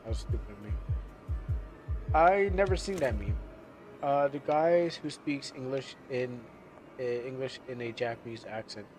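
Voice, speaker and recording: Over music, a man streams a game live and chats casually, rambling whenever he loses his train of thought. His voice sits in the mid-range, and he's unhurried, pausing often.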